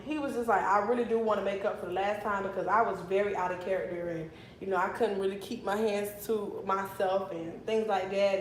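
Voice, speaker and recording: Animated young woman with a roomy sound. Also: mid-range voice, slight background noise. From Miami, Florida. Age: 20s. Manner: animated and profane, flaring into mock anger. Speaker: vlogger telling a story. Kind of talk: casual storytime monologue.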